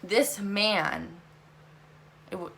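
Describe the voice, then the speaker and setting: A young woman telling a storytime vlog, talking fast and animated, swearing a lot and saying "like" often. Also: medium pitch, gravelly. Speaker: vlogger.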